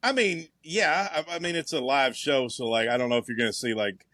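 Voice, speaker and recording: A man's voice: mid-range voice, fairly quick, pushed and bright, no echo. A man co-hosting a podcast in casual chat over a video call, talking music and telling stories. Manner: chatty, storytelling. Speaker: podcast co-host.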